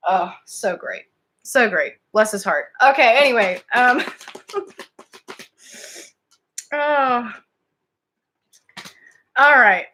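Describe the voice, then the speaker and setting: A woman's voice: fairly high pitch, animated, drawn-out words, long pauses, bright, forceful tone, slight background noise. A woman giving casual live-stream psychic readings, chatty and giggly, often wandering off topic. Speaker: psychic card reader.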